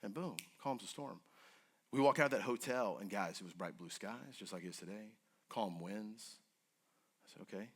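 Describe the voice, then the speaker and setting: A man earnestly telling an emotional personal story to an audience, his voice moving between hushed and urgent. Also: lowish voice, normal speed, slightly rough. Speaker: guest speaker.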